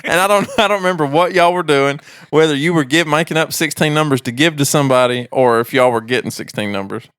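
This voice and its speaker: A man's voice: a little high, fast talker, hardly any pauses, fairly bright tone, clear, resonant tone, no room sound, studio quality. A man, co-hosting a podcast in casual chat and laughing a lot. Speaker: podcast co-host.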